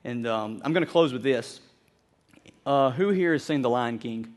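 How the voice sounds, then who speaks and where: A man preaching a sermon to his congregation, earnest and animated, often repeating words as he builds his point. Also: medium pitch, moderate pace. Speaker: pastor.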